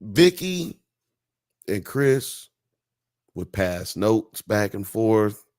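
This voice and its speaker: A man hosting a casual live-stream talk show, animated, slangy and joking. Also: fairly low pitch, very slow, no echo, clean studio sound. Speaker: podcast host.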